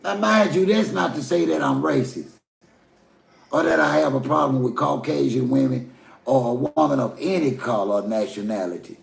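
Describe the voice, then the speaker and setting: Southern guy ranting at his viewers, gravelly voice kinda high, echoey room. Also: moderate pace. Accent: Southern American. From Southern United States. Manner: folksy, preachy, addresses viewers as y'all. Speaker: commentary vlogger. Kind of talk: casual opinion rant.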